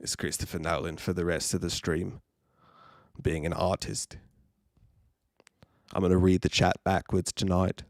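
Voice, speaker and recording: A pompous auteur director drawls, lower and slower than plain talk, as a man hams up an impression. The sound is dry and close, with no room around it. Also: little pitch movement, no room sound. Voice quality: low, drawling, self-important. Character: pompous self-styled artist film director, male. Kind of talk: comic impression on a live stream.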